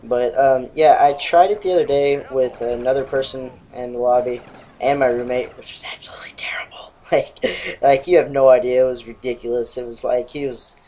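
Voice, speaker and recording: A young man in his twenties chats through his gameplay in a loose, rambling way. He swears freely, laughs between thoughts and drifts off into stories. His voice sits at an everyday middle pitch. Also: steady tone, moderate pace, warm tone, rough recording. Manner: rambling, profane, laughs often. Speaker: gaming channel host. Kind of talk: casual gameplay commentary.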